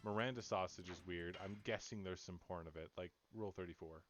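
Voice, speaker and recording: Brief: young adult male streamer, lowish voice, jokey and rambling, over loud game music. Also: fairly quick. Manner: rambling, joking, talks to chat. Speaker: let's play streamer. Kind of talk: casual gameplay commentary.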